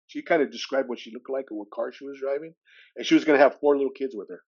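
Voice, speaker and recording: A man in his sixties, a podcast guest from California, telling a personal story with animated delivery. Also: medium pitch, quick pace, highs cut off. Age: 60s. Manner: animated storyteller who acts out dialogue with shifting voices.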